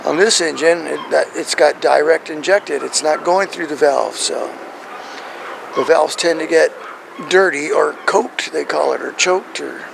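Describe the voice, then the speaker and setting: Man, gravelly, rambling, keeps asking "right?", casual how-to, outdoors, faint background noise. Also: on the high side, a little slow. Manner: rambling, checks in with "right?" and "okay?". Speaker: truck owner showing his engine.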